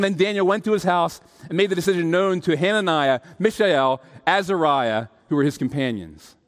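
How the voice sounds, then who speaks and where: A high-voiced man delivers a sermon, telling stories with lively energy and putting on the voices of the people he quotes. His voice rings out with a long reverb, as in a large hall. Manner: animated, acts out quoted voices, laughs at own stories. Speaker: preacher. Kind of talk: sermon with storytelling.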